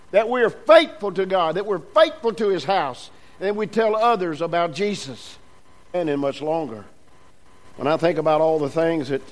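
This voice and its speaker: A man with a notably high-pitched voice preaches a sermon to his congregation. He drives his points home through repeated phrases, and his emphasis swells and drops as he goes. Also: poor audio. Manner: emphatic preaching with repetitions and rising, falling emphasis.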